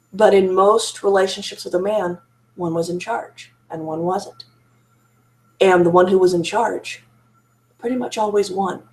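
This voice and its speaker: A woman speaking candidly to camera about her marriage and therapy, frank and self-critical, laughing now and then and restarting her sentences. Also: mid-range voice. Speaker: survivor sharing her story. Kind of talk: candid personal monologue to camera.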